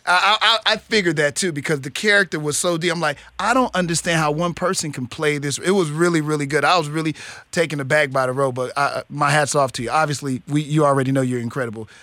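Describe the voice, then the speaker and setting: Male morning radio host, high and bright, chatty, rambling questions. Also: quick pace, dry recording. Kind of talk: casual radio chat.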